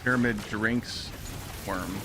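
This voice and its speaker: A man's voice: lowish voice, takes it slowly. A man in his thirties, a streamer in casual gaming chat with friends, joking and laid-back. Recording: noisy game stream audio.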